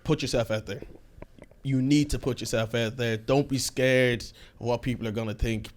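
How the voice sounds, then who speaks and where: A man with an Irish accent, a podcast guest chatting casually and telling stories in an animated, slangy way with frequent laughter. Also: medium pitch, moderate pace.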